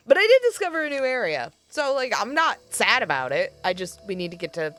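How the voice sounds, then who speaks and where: A woman's voice: on the high side, big pitch swings, normal speed, a bit bright, faint music behind. A woman streaming a game, talking casually with sarcastic, self-mocking commentary and frequent swearing.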